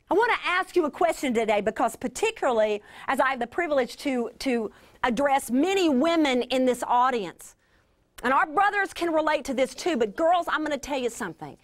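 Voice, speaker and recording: A woman delivering a Bible teaching to a mostly female audience, earnest with drawn-out emphasis and playful asides. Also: sits high, expressive. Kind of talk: sermon.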